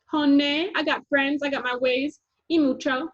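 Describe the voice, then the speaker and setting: Woman narrator voicing a showy eleven-year-old tease, high sing-song, dull lo-fi storybook audio. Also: steady tone, normal speed, natural voice. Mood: sing-song teasing. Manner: sing-song, teasing, sprinkles Spanish words. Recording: dull lo-fi recording.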